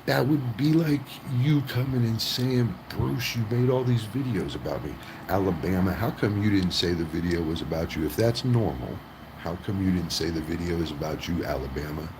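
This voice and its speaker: Very deep-voiced man ranting profanely. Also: moderate pace, background noise. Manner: profane, rambling, keeps asking right. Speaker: vlogger. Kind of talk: ranting vlog.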